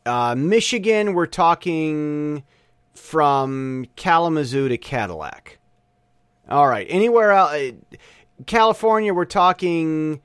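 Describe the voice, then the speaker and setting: A man's voice: fairly high pitch, fairly bright tone, smooth, dry recording, clean studio sound. A man, talking in a rambling, opinionated monologue full of restarts. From United States. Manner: rambling, self-correcting, opinionated. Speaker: language learner abroad. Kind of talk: casual monologue.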